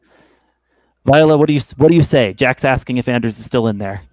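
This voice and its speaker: A man narrating as game master of a tabletop game, speaking haltingly with many fillers and restarts. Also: mid-range voice, darkish tone, dry recording, poor audio.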